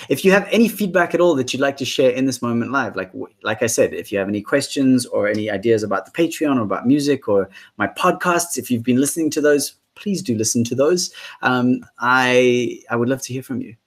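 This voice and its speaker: A man's voice: medium pitch, lively intonation, fairly quick. A man hosting a casual musician's livestream, chatting in a rambling way and reading out viewer comments. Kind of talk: casual live-stream chat.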